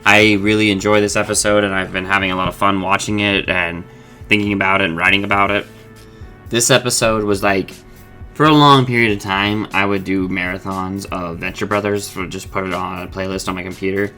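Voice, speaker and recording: Bright-voiced man rambling through an episode recap. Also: low-pitched, fairly even intonation, a little fast, soft background music. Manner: rambling, profane, self-correcting. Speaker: host of an episode discussion channel. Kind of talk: casual episode recap and commentary.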